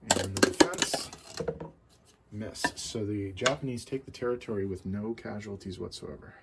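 A man with a gravelly, slightly low voice narrates his board game step by step, calling out each dice roll and result in a steady, methodical manner. The recording carries loud background noise, with dishes and cutlery clattering behind him. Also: normal speed. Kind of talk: play-by-play board game commentary.

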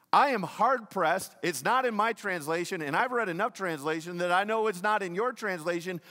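A male pastor with a high-pitched, fairly bright voice delivers an emphatic sermon in a church sanctuary, asking the congregation questions and repeating key lines. The sound is big and roomy.

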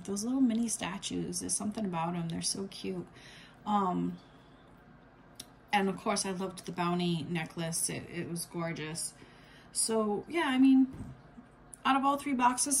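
A woman's voice: medium pitch, vocal fry, slight background noise. A woman vlogger chatting casually about a subscription box, rambling with lots of fillers and restarts. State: has the hiccups. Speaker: unboxing vlogger. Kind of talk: casual unboxing chat.

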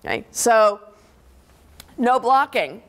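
Woman professor lecturing in a hall; a higher voice and slow deliberate pace, explaining patiently with "okay?" check-ins. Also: big pitch swings. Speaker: linguistics professor giving a lecture. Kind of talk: university lecture.

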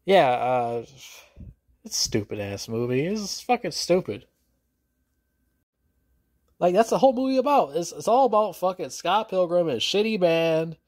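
A man delivering a crude, profanity-filled film rant to his subscribers, his pitch jumping up sharply when he gets worked up. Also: a little mellow. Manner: crude, swearing, sudden pitch jumps. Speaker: film reviewer.

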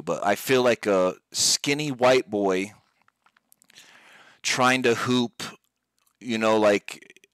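A young gaming streamer with a lowish, fairly bright voice chats casually, rambling and joking in laid-back gamer slang. The sound has no echo, and music plays in the background.

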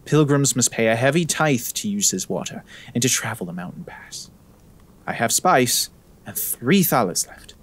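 A man's voice: medium pitch, lively intonation, normal speed, a bit bright, breathy edge. A man reading a medieval traveler's journal aloud in an attempted French accent, in a solemn tone.

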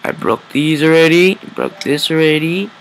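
A man's voice: on the high side, expressive, normal speed, slight background noise, poor audio. A man giving let's play commentary, talking to himself while he plays and breaking into frustrated outbursts. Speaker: gameplay video creator.

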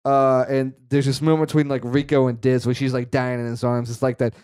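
A man's voice: medium pitch, flat delivery, brisk, a little mellow, smooth. A man co-hosting a casual movie podcast, retelling film scenes in a rambling way with lots of fillers. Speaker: podcast co-host. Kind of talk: casual movie recap chat.

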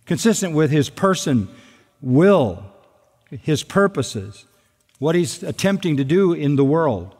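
Emphatic pastor in a reverberant hall. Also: male voice, on the high side, very animated, slow pace, darkish tone. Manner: emphatic, repeats key phrases. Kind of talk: expository sermon.

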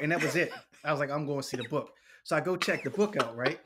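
Being interviewed, this forty-something poet spins stories loosely and with plenty of slang, imitating others' voices and breaking into frequent laughter. He speaks fast at a medium pitch, and there's noise in the background.

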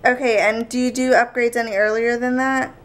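A young woman vlogging in casual chat, talkative and quick to argue. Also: fairly high pitch, flat delivery, fairly bright tone, faint music behind. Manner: chatty, argumentative, quick back-and-forth.

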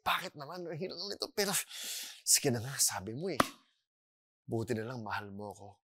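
A young adult man with a Filipino accent preaching a sermon, animated and slipping in Tagalog phrases as he acts out the voices of children and doubters. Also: sits high. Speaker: pastor.

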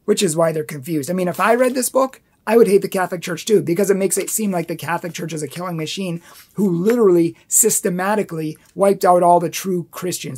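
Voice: mid-range voice, creaky, darkish tone, slightly rough. A Catholic apologetics host rebutting a book in an emphatic commentary video, repeating points for stress and challenging viewers directly.

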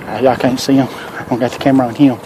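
A man's voice: mid-range voice, fairly even intonation, fast. An older man, chatting and rambling to his viewers as he walks a city street filming a casual vlog. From Texas. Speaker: vlogger. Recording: loud street and wind noise.

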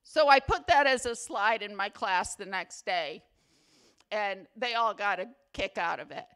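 Slow-spoken, playful woman giving an award speech. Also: medium pitch, fairly bright tone, clean tone. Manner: chatty and playfully humorous; affectionate, sentimental. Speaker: faculty award recipient. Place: awards ceremony venue.

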